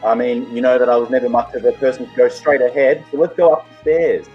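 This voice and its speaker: A man as a guest in an improvised comedy show, deadpan and polite. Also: medium pitch, quick pace, dull audio, faint music behind.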